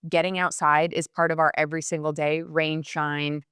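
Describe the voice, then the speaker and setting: Chatty young woman, passionate and fast-talking. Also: low-pitched, little pitch movement, fairly bright tone, smooth, no echo, clean studio sound. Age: young adult. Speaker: podcast host. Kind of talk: casual chat.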